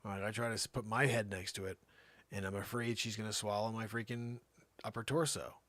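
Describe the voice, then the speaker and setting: A man hosting a comedy show, telling a rambling tall tale that swings from shouts to mutters. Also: fairly low pitch, fairly quick, no room sound. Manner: animated storytelling, swinging between shouts and mutters. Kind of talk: rambling comic monologue.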